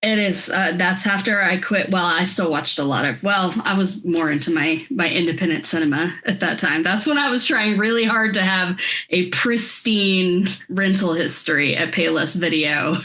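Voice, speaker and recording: Bright-voiced woman telling stories and laughing. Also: fairly low pitch, normal speed, low-quality recording. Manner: laughs often, profane storytelling. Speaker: podcast co-host. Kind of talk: casual chat.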